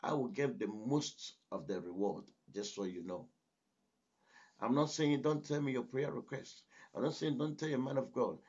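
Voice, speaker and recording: A man's voice: mid-range voice, normal speed, darkish tone, breathy edge. A man preaching a sermon as pastor, emphatic and exhorting, often breaking in with "listen". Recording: dull lo-fi recording.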